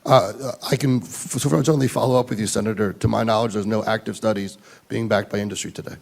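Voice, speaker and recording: A man's voice: on the low side, steady tone, a little fast, vocal fry, darkish tone. A man testifying as an industry witness at a hearing, polite and deferential, hedging his answers. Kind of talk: formal testimony. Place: hearing room.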